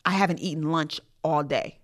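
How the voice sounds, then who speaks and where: A woman's voice: low voice, normal speed. Emphatic woman hosting a motivational podcast. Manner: emphatic, repetitive, rhetorical questions. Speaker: podcast host and leadership coach.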